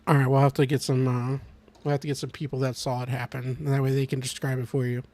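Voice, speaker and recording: A man's voice: mid-range voice, level tone, quick pace, darkish tone. A young man hosting a casual podcast chat, rambling with lots of fillers and restarts. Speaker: podcast host.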